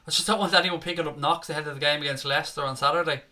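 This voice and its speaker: A man's voice: fairly high pitch, fairly even intonation, very fast, pushed and bright. A man hosting a live football watchalong, chatting casually and reading out viewer comments with a matey, joking manner. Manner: chatty, matey, jokey, says "mate" often.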